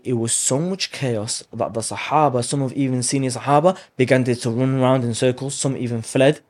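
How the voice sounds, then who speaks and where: A man retelling a religious story as a guest, voice sitting at an ordinary middle pitch. He tells it with animated emphasis, building up and dropping back, and mixes Arabic phrases into his English. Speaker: guest speaker.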